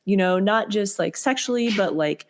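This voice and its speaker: A woman's voice: medium pitch, animated, normal speed. A woman in her forties co-hosting a podcast, talking candidly and chattily with frequent restarts. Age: 40s. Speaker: podcast co-host. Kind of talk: casual podcast chat.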